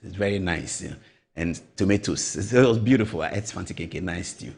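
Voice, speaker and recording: A middle-aged Ghanaian man hosts a show of animated political commentary, telling stories with heavy emphasis and acting out other people's voices. His deep voice is brisk, creaky, a little mellow and slightly rough.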